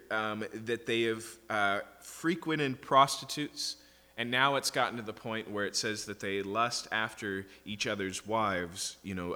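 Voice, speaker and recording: Bright-voiced man teaching scripture in a hall. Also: mid-range voice. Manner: reads scripture aloud, then explains it conversationally. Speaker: preacher. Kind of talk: verse-by-verse Bible teaching.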